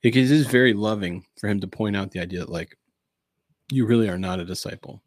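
A man's voice: lowish voice, fast talker, dry recording, studio quality. A man co-hosting a church podcast, talking casually about faith, laughing often and acting out characters in funny voices. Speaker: podcast co-host.

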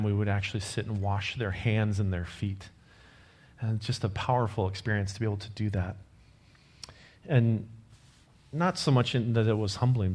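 Earnest, low-voiced man preaching a sermon. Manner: earnest and conversational, with restarts; closes in quiet prayer. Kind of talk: sermon with personal story.

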